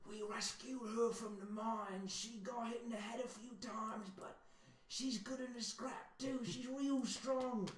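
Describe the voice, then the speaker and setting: A man voicing an excitable male lizardfolk survivor in a put-on accent, in a roomy space picked up from a distance. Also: a little slow. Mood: confiding. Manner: high, eager, chatty voice with a put-on accent.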